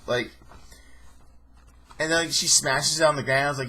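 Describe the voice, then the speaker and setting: A man's voice: medium pitch, moderate pace, sharp tone, husky. A young man in his twenties recapping a TV episode in a casual, sarcastic way, often mimicking people. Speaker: show reviewer.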